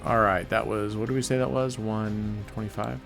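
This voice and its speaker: Lowish-voiced guy doing live roulette commentary, cursing a lot, griping at the dealer, faint music behind. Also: normal speed, gravelly. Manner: excitable, swears, grumbles at the dealer. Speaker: channel host. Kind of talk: live casino gameplay commentary.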